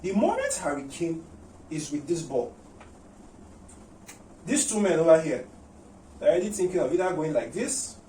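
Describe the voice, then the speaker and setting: A man giving a tactical football match preview, talking in an animated way, repeating words and using many "you know" fillers. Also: on the high side, normal speed, long pauses, slight background noise. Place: room at home. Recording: roomy echo, mic at a distance.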